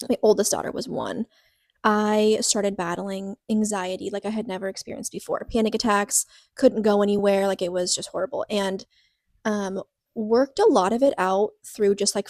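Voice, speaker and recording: A woman's voice: medium pitch, a little mellow, dry recording, clean studio sound. A woman co-hosting a podcast, telling a personal story in a rambling, earnest way, full of "like" fillers and restarts. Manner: earnest, openly vulnerable. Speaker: podcast co-host. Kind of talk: casual personal podcast chat.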